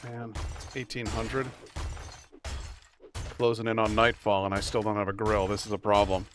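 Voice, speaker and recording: A man's voice: on the low side, level tone, moderate pace, music in the background. A man casually commentating his own survival game stream, wry and chatty, talking to himself as he plays.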